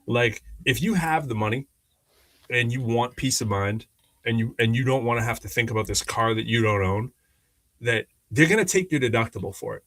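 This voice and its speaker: A man in easy conversation on a podcast, his voice dry and close to the mic with no room sound. He rambles through his stories with restarts and fillers and slips into lively impressions of the people he quotes. His pitch sits in a plain middle range. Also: moderate pace, no room sound. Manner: animated, acts out quoted people in changing voices. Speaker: podcast co-host. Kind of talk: casual conversational storytelling.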